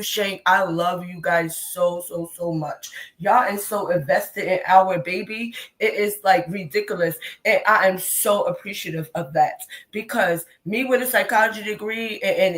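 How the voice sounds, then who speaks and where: A woman's voice: on the low side, rough recording. A woman in her thirties calling in to a live stream, talking emphatically and rambling with many restarts. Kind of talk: impassioned call-in commentary. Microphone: remote call.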